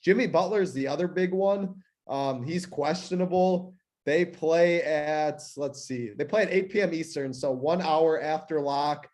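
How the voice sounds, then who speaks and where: A man's voice: fairly high pitch, measured pace, a little mellow. Matter-of-fact male fantasy sports analyst.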